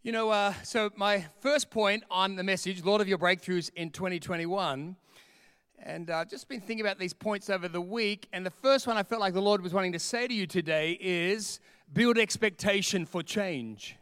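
High-voiced, emphatic male preacher. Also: normal speed, clean tone, no room sound, clean studio sound. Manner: animated, emphatic preaching with repeated lines. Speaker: pastor. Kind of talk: sermon. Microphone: camera with a close mic.

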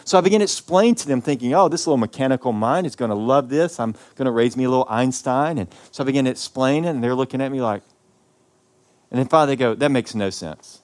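Southern male pastor, impassioned sermon, loud peaks dropping to quiet lines. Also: medium pitch, fast. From American South. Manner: impassioned preaching with big swings in loudness.

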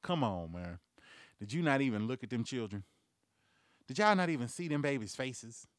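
A man hosting a comedy news podcast, ranting loudly and profanely, acting out quoted voices as he tells stories. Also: medium pitch, moderate pace, dry recording, studio quality. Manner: profane, loud, animated storytelling. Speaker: podcast host.

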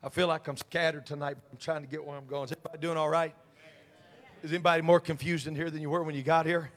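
A man preaching a fervent Pentecostal sermon as pastor, his voice often rising into shouts. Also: a little high, flat delivery, fast. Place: church sanctuary. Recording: long church hall reverb.

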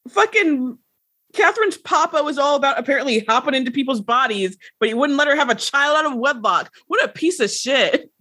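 A woman co-host with a husky, slightly high voice chats casually and teases her co-hosts with laughing asides. Her pitch swings widely, and the sound is dry and close. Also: animated, fairly quick, sharp tone, dry recording. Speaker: podcast co-host. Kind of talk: casual recap chat.

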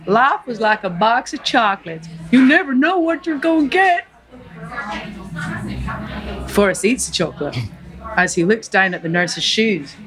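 A woman voicing a slow, earnest, simple-minded Southern man. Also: on the high side, close to an everyday voice.

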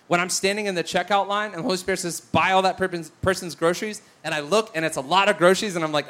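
Fast and high-pitched, barely pausing, this male preacher fills his sermon with stories and animatedly voices the people in them.

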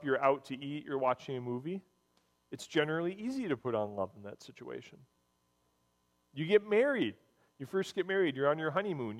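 Pastor, male, higher-pitched voice, earnest storyteller, church hall with long reverb. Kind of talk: sermon.

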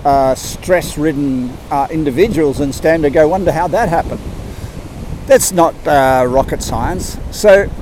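A man's voice: on the high side, warm tone, slight background noise, rough recording. An older man gives an earnest, rambling motivational talk as a life coach, restarting his sentences and acting out little quotes. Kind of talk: motivational monologue.

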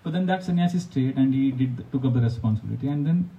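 A man's voice: mid-range voice, quick pace, distant mic, muffled recording. A man, a monk giving a devotional talk full of anecdotes, often laughing and acting out quotes. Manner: storytelling, animated, laughs often, acts out quotes.

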